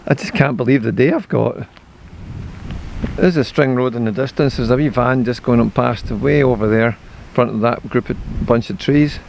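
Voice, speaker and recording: A man's voice: mid-range voice, normal speed, gravelly, darkish tone, slight background noise. An older man with a Scottish accent chatting casually to a handheld camera as he runs and walks along an outdoor forest trail, rambling cheerfully about the view. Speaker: vlogger. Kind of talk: casual walking and running commentary.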